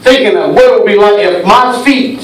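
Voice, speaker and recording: A man preaching a sermon in a church, telling a dramatic story and swinging between hushed tones and shouts. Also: high voice, moderate pace. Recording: echoey church hall from far off, faint hiss.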